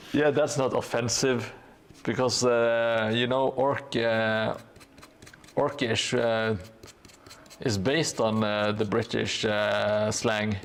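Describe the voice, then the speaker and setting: A man streaming while he paints, chatting casually in a halting way with dry, sarcastic jokes. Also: on the low side, flat delivery. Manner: halting, with many hesitations. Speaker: hobby streamer painting a gaming board.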